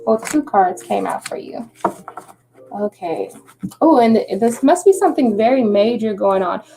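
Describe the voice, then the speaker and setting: A woman's voice: medium pitch, lively intonation, measured pace, vocal fry, noisy background. Chatty woman giving a tarot reading. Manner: chatty, reassuring, says "okay?" often. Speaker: tarot reader. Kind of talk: live-stream tarot reading.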